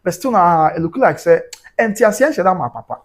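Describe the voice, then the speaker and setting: A Ghanaian man hosting a livestream talks quickly in a somewhat high voice. He jumps between Twi and English as he reads out viewer comments. His delivery is animated throughout. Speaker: host.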